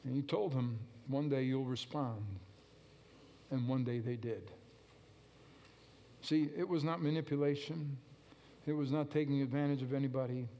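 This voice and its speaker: A man's voice: mid-range voice, moderate pace, long pauses, mellow. A male preacher giving a sermon, emphatic and repetitive, calling out to the congregation and waiting for answers. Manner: emphatic, repetitive exhortation with call-and-response.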